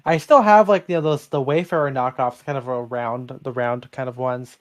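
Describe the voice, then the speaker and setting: Man, podcast co-host, smooth clear voice, dry close sound, rambling with "like". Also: mid-range voice, fairly even intonation, moderate pace, no room sound. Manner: rambling, lots of "like". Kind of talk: casual podcast chat.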